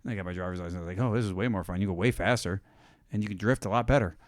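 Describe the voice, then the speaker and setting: A man's voice: sits low, racing, no room sound. Rambling casual man, dry close mic. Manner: loose, rambling storytelling full of "like" and "dude". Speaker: podcast co-host. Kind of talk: casual chat.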